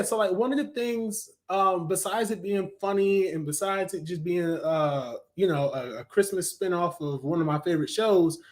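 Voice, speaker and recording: A man with a high-pitched voice chats through a casual cartoon review. He rambles enthusiastically, often pausing with ums and restarting his sentences. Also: fairly bright tone.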